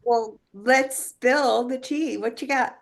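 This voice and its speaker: A woman's voice: fairly high pitch, slow, creaky. Upbeat woman hosting an interview. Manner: upbeat, affirming. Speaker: podcast host. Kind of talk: conversational interview.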